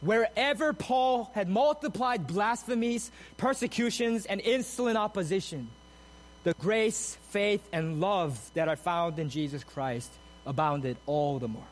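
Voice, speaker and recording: A man preaching a sermon, moving from steady explanation of the text to emphatic, soaring repeated phrases. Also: sits high, measured pace, poor audio. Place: church sanctuary.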